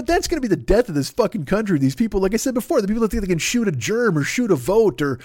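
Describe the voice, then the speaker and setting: A man rants on a podcast, swearing freely and mocking the people he talks about, now and then putting on their voices. His voice sits a little high for a man. The recording is dry and close, with no room sound. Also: big pitch swings, fast talker, few pauses, no room sound. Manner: loud, sweary, mocking, acts out other voices. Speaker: podcast host. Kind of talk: profane political rant.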